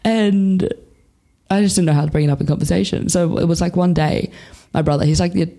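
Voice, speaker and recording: Chatty Australian woman with a gravelly voice. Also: fairly low pitch, steady tone, fairly quick, mellow. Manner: frank and swears freely, laughs a lot, chatty with many fillers. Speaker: interview guest. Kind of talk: casual candid chat.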